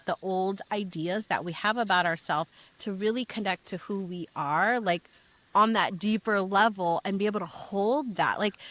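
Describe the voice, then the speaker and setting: A woman's voice: mid-range voice, a bit bright, no echo. A woman guest on a podcast, talking earnestly in a casual conversation and often restarting her sentences as she thinks aloud. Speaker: guest, intuitive astrologer.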